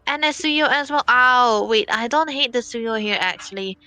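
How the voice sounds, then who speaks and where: A woman's voice: fairly high pitch, normal speed, sharp tone. A woman commentating an esports tournament draft live, chatty and thinking aloud as she reacts to each pick and ban. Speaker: esports caster.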